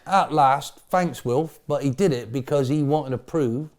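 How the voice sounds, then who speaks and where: A middle-aged man tells football stories in a pub interview with colourful slang. His voice swoops up and down as he rattles through the tale, breaking into loud laughing bursts. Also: mid-range voice, normal speed. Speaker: interviewee, former football manager. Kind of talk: animated storytelling interview.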